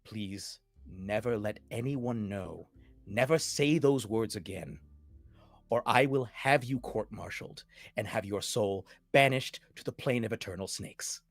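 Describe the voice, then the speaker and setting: A man voicing a stern male military commander who gives a low, quiet threat. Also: measured pace, dry recording, soft background music. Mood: threatening.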